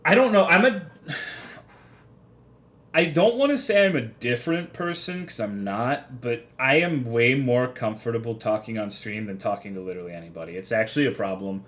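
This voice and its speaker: Young man, livestream chat, casual, profane, rambling, self-deprecating, average pitch. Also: lively intonation, moderate pace, a bit bright.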